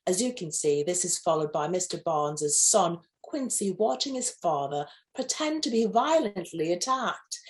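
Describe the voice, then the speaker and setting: On her lighthearted pet news show, a female host reads the stories aloud. Every so often she bursts into over-the-top, gushing commentary, complete with abrupt high-pitched squeals.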